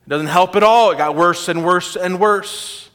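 High-voiced preacher in reverberant hall. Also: male voice, moderate pace, clean tone. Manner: animated, informal, laughs often. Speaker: guest preacher. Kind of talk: sermon. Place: church sanctuary.

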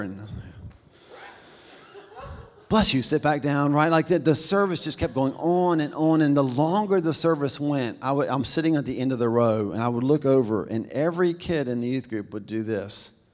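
A man preaching from the pulpit, working a personal story into his sermon and acting out the people in it. His voice sits in the middle range and carries with a long reverb through a large church hall. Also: medium pitch. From American South. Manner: storytelling, acts out quoted voices, says "y'all". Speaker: pastor.

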